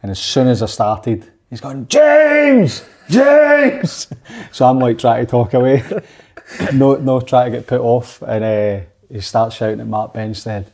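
A Scottish former footballer telling a relaxed anecdote in casual chat. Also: male voice, medium pitch, moderate pace, gravelly. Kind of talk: casual storytelling.

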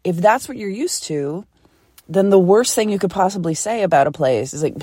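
A woman's voice: medium pitch, lively intonation, moderate pace, mellow, husky, dry recording, studio quality. Laid-back woman telling a story solo. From Philadelphia, USA. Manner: chatty, laughs often, swears freely. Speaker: podcast host. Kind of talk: casual solo storytelling podcast.

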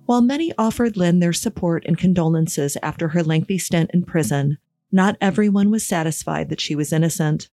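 A woman giving scripted true-crime podcast narration in a measured, even storytelling manner. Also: fairly low pitch, dry recording.

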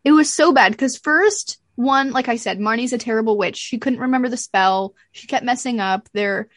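Her voice sits on the high side and moves at a moderate pace, recorded cleanly in a studio without room sound. As a podcast co-host, she chats casually, vividly recounting scenes and performing lines from them.

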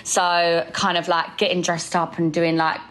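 Young female co-host, heavily pregnant, low-ish voice, casual chatty delivery. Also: completely flat delivery, measured pace, fairly bright tone, rough recording. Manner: chatty, upbeat, planning aloud. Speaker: podcast co-host. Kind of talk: casual chat.

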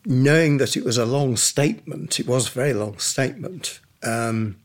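Older man, emotional and halting. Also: medium pitch, expressive. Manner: halting, measured. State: emotional, close to tears. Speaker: interviewee. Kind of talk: interview recollection.

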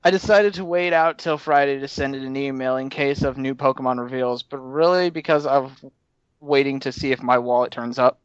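A man co-hosting a casual podcast, excitable in banter and reading listener email. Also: medium pitch, brisk, smooth, no room sound. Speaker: podcast co-host. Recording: dull, dry home mic.

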